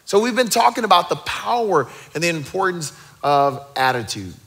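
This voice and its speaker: A man in his thirties preaching a sermon as pastor, energetic and rallying the crowd with joking asides. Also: high voice, moderate pace.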